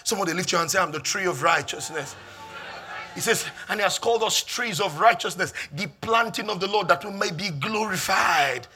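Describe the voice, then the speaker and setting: Nigerian guy pastor preaching hard, high sharp voice, keeps repeating lines and shouting. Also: brisk, few pauses, slightly rough. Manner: emphatic preaching, repeats phrases, builds to shouts. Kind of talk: sermon.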